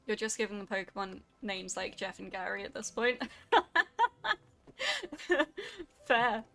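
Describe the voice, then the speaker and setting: Bright, gravelly-voiced woman streamer. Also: medium pitch, brisk. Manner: chatty, animated, reacting to chat. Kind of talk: casual gameplay chat with chat.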